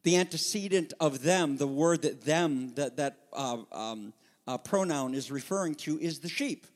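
A man preaching a sermon with passion, moving between loud emphatic peaks and hushed, intimate asides. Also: on the high side, a little slow, big-room sound. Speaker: pastor.

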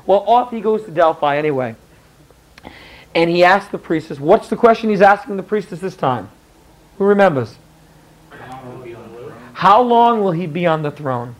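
A man's voice: high voice, expressive, moderate pace, long pauses, poor audio. A male history teacher telling a story to his class in a chatty, rambling way. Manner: chatty, rambling, many fillers and restarts.

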